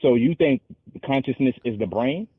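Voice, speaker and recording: A man with a husky voice argues his point in a loose, halting way, often restarting and slowing down to recite scripture. The sound is dry and tinny, as if it came over a phone line. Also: medium pitch, huge pitch swings, no room sound. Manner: argumentative, halting, restarts and slows to quote scripture. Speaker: call-in show host. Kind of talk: casual debate.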